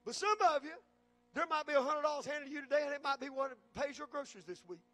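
A man preaching a sermon as pastor, calling out to the congregation and building to shouts. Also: very high voice, fast, dry recording.

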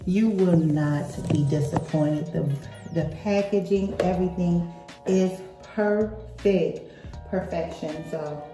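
A woman's voice: fairly low pitch, echoey room. A woman in her fifties vlogging casually, gushing and chatty as she talks straight to her viewers. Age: 50s. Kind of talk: casual vlog unboxing and travel chat.

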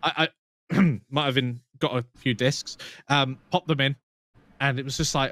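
A man's voice: medium pitch, fairly even intonation, moderate pace, fairly bright tone, no echo. Man, casual chat, reminiscing, dry close sound. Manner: reminiscing, chatty. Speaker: podcast co-host.

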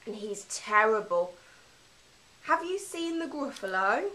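A woman's voice: on the high side, big pitch swings, takes it slowly, bright, forceful tone, exaggerated voice, poor audio. A woman doing a small brave mouse. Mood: warning. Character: small brave male mouse warning of a monster.

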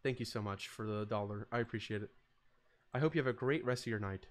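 A man's voice: on the low side, fast. A young man live-streaming, chatting casually with a joking, sarcastic, swearing manner.

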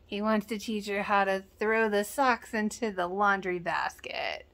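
A woman's voice: mid-range voice, measured pace, a bit bright. A woman casually recapping a sitcom episode in a chatty, giggly way, often acting out the characters' lines. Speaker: reaction channel host.

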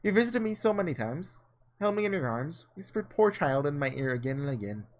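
A man's voice: fairly high pitch, big pitch swings, fairly quick. A man doing a coaxing, muffled female witch. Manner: soft, coaxing, honeyed. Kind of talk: reading a visual novel aloud.

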